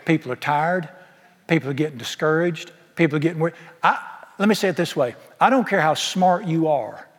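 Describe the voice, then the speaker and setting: In a church sanctuary whose large-hall reverb lingers long, a pastor preaches to his congregation. His voice is a little high and fairly quick, his manner folksy and emphatic, and he keeps hurling rhetorical questions.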